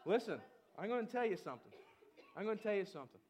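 A man with a strikingly high voice preaching a lively sermon. He talks in a loose, chatty way, full of fillers, and then breaks into exuberant shouted calls to his congregation. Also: very fast. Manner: chatty storytelling with many fillers. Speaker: pastor.

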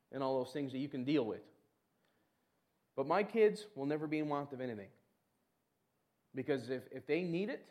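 A middle-aged man preaching a sermon, animated, who acts out prayers in a whiny voice. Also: medium pitch.

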